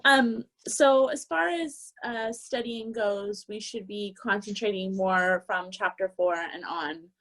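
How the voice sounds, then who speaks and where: A female student quickly checking with her lecturer about study plans over a video call, a little unsure of herself. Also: mid-range voice, fairly bright tone, rough recording. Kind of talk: asking questions in class.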